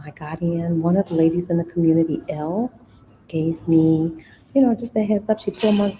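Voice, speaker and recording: Lady live-streaming from a store, lowish voice, chatty, half whispers sometimes, lots of store noise behind. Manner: chatty, drops to a whisper at times. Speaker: host of a money and investing channel. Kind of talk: casual live-stream chat. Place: inside a busy computer store. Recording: noisy store background. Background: store ambience and chatter.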